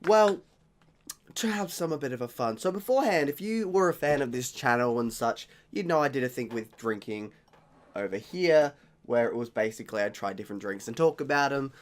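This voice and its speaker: A young Australian man hosts his beer-tasting vlog, speaking at a medium pitch in a brisk, expressive way. He's chatty and rambling, often correcting himself as he samples beers.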